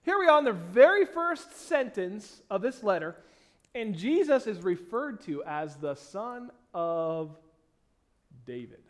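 A man preaching a sermon as pastor, reading scripture aloud with slowed, stressed phrases and swinging between loud emphasis and quiet asides. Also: sits high, big pitch swings.

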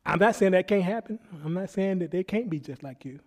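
A male pastor preaching a sermon, swinging between hushed asides and loud preaching and mimicking people in quoted voices. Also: sits high, a little fast.

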